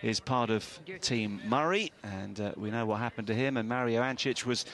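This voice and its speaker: A man's voice: medium pitch, normal speed, fairly bright tone. Man presenting tennis coverage. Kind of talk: live sports broadcast chat.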